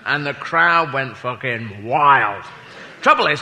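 Live in a comedy club, a male stand-up tells a rambling, self-mocking story peppered with sweary asides, with long reverb and crowd noise in the recording. His medium-pitched voice is unhurried, pushed and bright, with big pitch swings.

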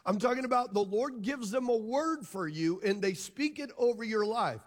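A man's voice: sits high, lively intonation, moderate pace, big-room sound. A pastor preaching a sermon to his congregation, emphatic and drawing them into call and response. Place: church hall.

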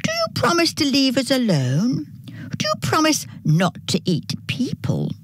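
A woman voicing a polite, curious little girl emu in a storybook, using a high, childlike voice. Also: wildly swooping pitch, a little slow, a little hiss or hum, heavily acted. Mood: earnest.

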